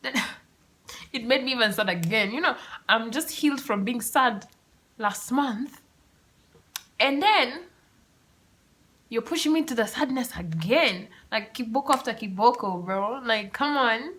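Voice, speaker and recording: A woman's voice: a little high, unhurried, pauses often. Chatty young woman podcaster. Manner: chatty, animated and self-mocking, with laughs and swearing. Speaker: podcast host. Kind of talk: casual solo storytelling. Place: room at home with the windows open.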